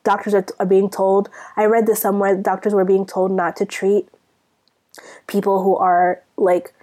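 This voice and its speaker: A woman's voice: mid-range voice, level tone, normal speed, dark tone. A young woman from Sudan co-hosting a podcast, ranting in a casual, exasperated way full of rhetorical questions. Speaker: podcast co-host. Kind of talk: casual chat.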